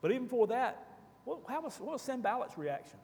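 A man's voice: extremely high pitch, sing-song, fast, darkish tone, big-room sound. A man leading a Bible study class, asking the group questions and reading scripture aloud.

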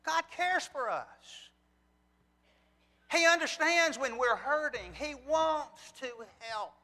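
A man with a high voice preaches an earnest sermon. He poses rhetorical questions and reads scripture aloud in a very bright, forceful tone. The sound carries a long hall reverb, as in a church sanctuary. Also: expressive, takes it slowly.

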